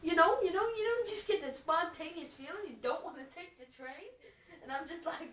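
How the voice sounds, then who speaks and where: A woman's voice: extremely high pitch, normal speed, a bit bright. A woman improvising a goofy, rambling parody voice-over of a preacher, full of restarts. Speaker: fan voice-over comedian. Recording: roomy echo, far from the mic.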